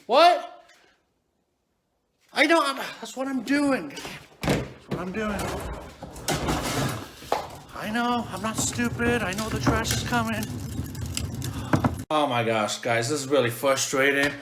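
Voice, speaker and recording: A woman's voice: mid-range voice, very animated, takes it slowly, long pauses, heavy background noise. A woman in her thirties vlogging to the camera as a mom, chatty and exasperated, sometimes out of breath. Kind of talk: family vlog, talking to camera.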